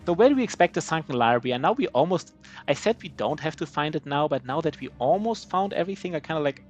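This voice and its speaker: A man's voice: fairly high pitch, animated, fast talker, highs cut off, soft background music. A man with a German accent, a native German speaker, giving live gameplay commentary in a rambling, self-mocking way with many restarts. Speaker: streamer.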